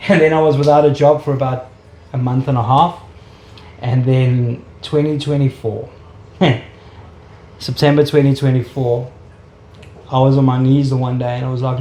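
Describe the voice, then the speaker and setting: A man's voice: medium pitch, level tone, moderate pace, pauses often, warm tone. Earnest South African man, echoey room. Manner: earnest, emotional storytelling. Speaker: interviewee. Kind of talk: personal faith testimony. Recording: echoey room with faint ambient noise.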